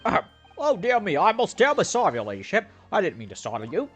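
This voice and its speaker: A game player voicing a flustered, fawning police inspector who talks in a high, excitable squawk and gushes over-polite farewells. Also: fast, breathy edge, faint music behind, full character voice.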